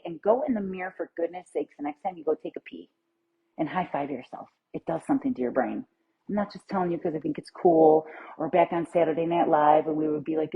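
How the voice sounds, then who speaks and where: A woman's voice: lowish voice, a little fast, slightly rough. A middle-aged woman giving a chatty, upbeat pep talk as a nutrition coach on a live stream. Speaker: plant-based nutrition coach. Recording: dull lo-fi live stream audio.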